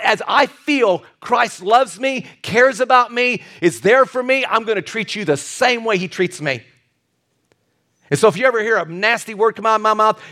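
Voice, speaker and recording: A male pastor preaching a sermon, telling stories animatedly and acting out the voices of the people in them. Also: high voice. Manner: animated storytelling, acts out quoted voices; drops to a soft hushed voice for tender moments.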